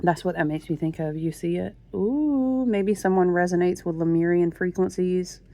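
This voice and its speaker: A woman talks to her viewers as a tarot reader in a gushing, chatty way. Her voice is low and gravelly with lots of fry. The recording is dry and close. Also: moderate pace, dark tone, dry recording. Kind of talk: casual chat.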